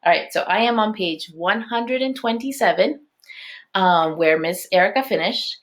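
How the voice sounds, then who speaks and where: A woman's voice: medium pitch, expressive, moderate pace. A woman elementary teacher reading a chapter book aloud to her class, stopping to explain and check in.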